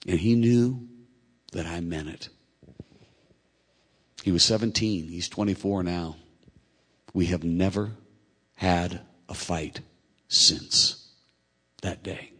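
Husky-voiced middle-aged preacher in a hall. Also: male voice, low-pitched, steady tone, unhurried, pauses often. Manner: earnest, emotional storytelling that swells to loud peaks. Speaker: preacher and track coach. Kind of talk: sermon with personal story.

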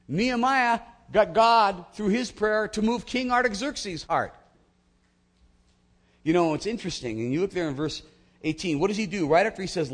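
A man's voice: a little high, husky. A man preaching a sermon to his congregation, telling a biblical story with energy and acting out the characters' voices. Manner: animated, acts out voices of biblical figures. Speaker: pastor.

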